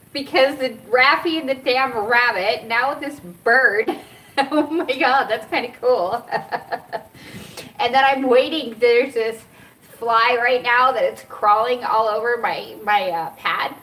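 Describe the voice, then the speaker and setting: A middle-aged woman who vlogs about cannabis and cancer tells a rambling personal story outdoors, full of emotion and frequent laughter. Her voice is slightly high and a bit bright, and she speaks slowly. The audio comes from a camera set up some distance away.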